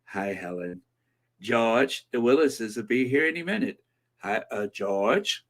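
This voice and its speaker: A sassy middle-aged sitcom wife, as a man puts her on, dropped lower than his usual voice. She drawls her greetings in a sing-song way. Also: lively intonation, slow pace, a bit bright.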